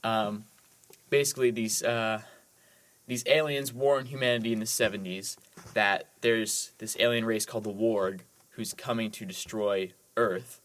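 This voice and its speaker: A man talks through films on a podcast with eager, rambling enthusiasm, his voice sitting a little low. He leans heavily on "like" and keeps the chat loose and conversational. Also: fairly even intonation, a little slow, a bit bright. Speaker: podcast co-host. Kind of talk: casual movie podcast chat.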